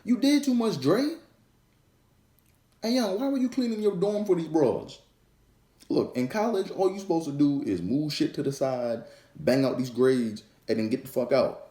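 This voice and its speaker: A man's voice: fairly high pitch, expressive, normal speed, mellow, voice pushed up, lightly acted. A man playing a blunt version of himself who crudely scolds and mocks his younger self. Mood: scolding. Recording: echoey room.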